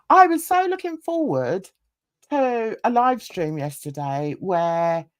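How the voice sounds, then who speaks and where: A woman's voice: medium pitch, sing-song, takes it slowly, no room sound, studio quality. A woman on a livestream panel, chatting casually, laughing often and mimicking other people's voices.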